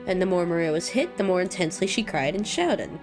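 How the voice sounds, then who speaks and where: A young woman reading a visual novel aloud as a let's-play host, breaking off with loud reactions. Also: on the low side, fast talker, faint music behind. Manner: expressive, reacts loudly.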